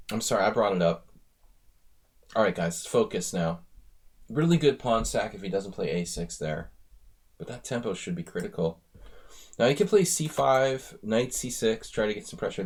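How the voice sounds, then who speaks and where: American male streamer, low-ish voice, loose rambling live chess commentary. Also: a little mellow. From United States. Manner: rambling, chatty asides between chess moves.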